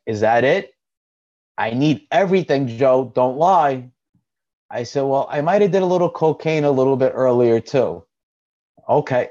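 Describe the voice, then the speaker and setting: A man's voice: mid-range voice, a little mellow, highs cut off. A man hosting his own channel, telling a long personal story in a casual, rambling way, with restarts and laughs. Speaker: channel host.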